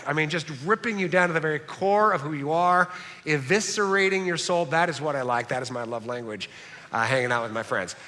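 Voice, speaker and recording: A middle-aged pastor with a fairly high, sharp-toned voice preaches a sermon in a church sanctuary. His style is conversational, joking and self-deprecating, and the church hall adds heavy reverberation.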